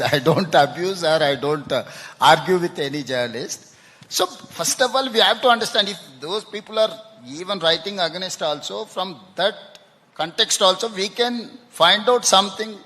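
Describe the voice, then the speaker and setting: A man answers questions at a public event, stumbling and repeating words as he goes. His voice sits a little high. The long echo of a big hall hangs behind him. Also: a bit bright. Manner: halting, repeats words, ends with "no?". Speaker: chief minister interviewed on stage. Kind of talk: panel interview answers. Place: conference hall stage.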